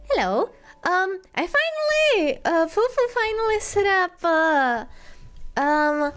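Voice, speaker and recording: A woman streamer chatting casually with her viewers in a bubbly, giggly way, repeating her greetings again and again. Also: very high-pitched. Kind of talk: casual livestream chat.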